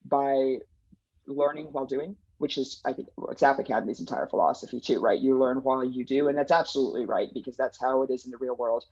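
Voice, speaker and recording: A man's voice: mid-range voice, fairly even intonation, fast, a little mellow, dry recording. A man who manages a placements team, answering interview questions in an earnest, enthusiastic way with lots of fillers and restarts. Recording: dull dry lo-fi sound.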